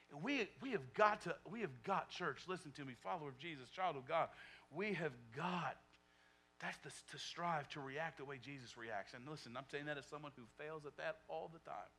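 Male pastor with a high voice, sermon delivery, hushed lines building to shouted peaks, repetition for emphasis. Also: normal speed. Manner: swings from hushed, near-whispered lines to loud shouting; repeats phrases for emphasis.

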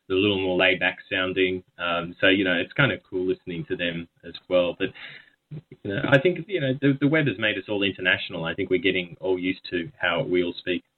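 A man's voice: sits low, a little fast. Australian man on a tinny phone line. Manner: chatty storyteller, laughs easily. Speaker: guest. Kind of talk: casual chat. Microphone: phone call.

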